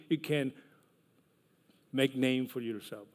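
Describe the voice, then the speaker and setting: Male pastor, unhurried sermon delivery with loud emphatic peaks and hushed asides; mid-pitched voice. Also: animated.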